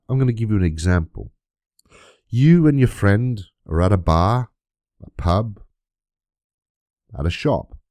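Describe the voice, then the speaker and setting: A man's voice: on the low side, a little mellow, no room sound. A man delivering an indignant, emphatic monologue to camera, full of rhetorical questions. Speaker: YouTube creator.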